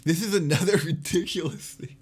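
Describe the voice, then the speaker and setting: A man's voice: on the high side, fairly quick, husky. A young man ranting casually as a streamer, exasperated and swearing as he rebuts a critic point by point.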